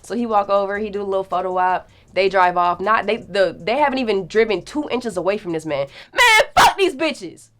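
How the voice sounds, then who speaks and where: A young woman telling a story in a casual, animated way, acting out the quotes and swearing freely. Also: mid-range voice, brisk, few pauses.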